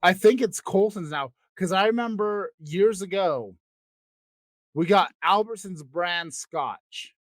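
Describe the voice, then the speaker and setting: A man's voice: sits high, expressive, slow, dry recording. A man co-hosting a podcast in casual chat, rambling, trailing off and restarting his sentences, swearing now and then. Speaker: podcast co-host.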